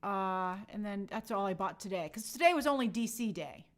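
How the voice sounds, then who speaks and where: A woman's voice: medium pitch, expressive, moderate pace. A young woman hosting a casual livestream, chatting and answering viewer comments with a sarcastic edge. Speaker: host answering live chat.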